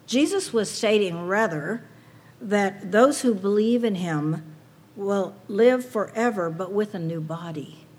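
A woman's voice: medium pitch, takes it slowly, a little mellow. A woman preaching a sermon to a women's audience, earnest and personal, asking rhetorical questions.

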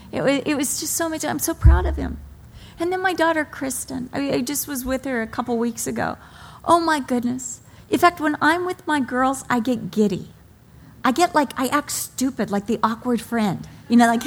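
A middle-aged woman preaching a sermon. She speaks with emotion, mixes stories about her children into her teaching, and slows down to stress key phrases. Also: high-pitched, creaky. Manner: slow, deliberate emphasis on key phrases.

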